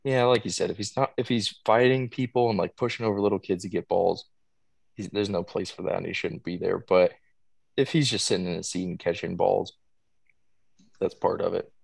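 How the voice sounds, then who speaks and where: A man co-hosting a podcast, telling a story in relaxed casual chat with frequent fillers. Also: deep voice, a little fast, creaky, husky, no room sound. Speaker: podcast co-host.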